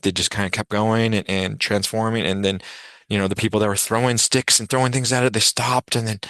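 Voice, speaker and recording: A man's voice: on the low side, a bit bright, no echo. A man hosting a group meditation call, sharing a vision in a rambling way, repeating words and acting out quoted voices over a video call. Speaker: meditation session host.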